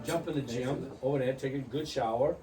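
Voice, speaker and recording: A man in his forties telling crude stories to friends over drinks, animated and laughing through them. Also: mid-range voice, fairly quick, echoey room. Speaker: storyteller. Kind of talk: casual storytelling among friends. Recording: distant mic with music behind. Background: music playing.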